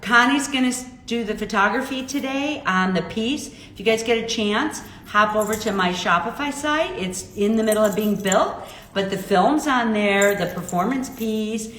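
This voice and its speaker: A woman's voice: a little high, moderate pace, a bit bright. A middle-aged woman hosting a casual livestream, bubbly and chatty, reacting to viewer comments. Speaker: livestream host, jeweler. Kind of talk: casual live chat reading viewer comments. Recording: echoey room with faint noise.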